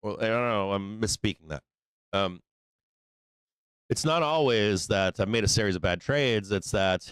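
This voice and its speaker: A man's voice: lowish voice, a little slow, pauses often, fairly bright tone, clean tone, no echo. A man hosting a live trading show, telling a long story in a rambling, profane way full of fillers. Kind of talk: casual live-stream talk.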